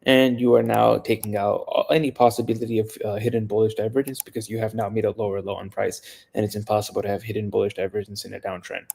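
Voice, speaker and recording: Fast, gravelly male chart analyst. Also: lowish voice, level tone, a little mellow. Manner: rapid, technical, with self-corrections. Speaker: market analyst.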